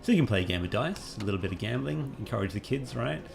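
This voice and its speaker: A man, a game developer giving rambling, relaxed gameplay commentary with plenty of fillers. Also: mid-range voice, fast, vocal fry, music in the background.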